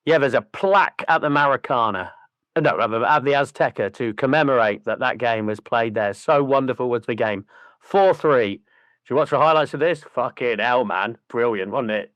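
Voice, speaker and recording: A man's voice: mid-range voice, normal speed, dry recording. A man, co-hosting a podcast and telling stories in casual chat, swearing freely and doing voices. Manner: lively, profane storyteller doing voices. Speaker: podcast co-host.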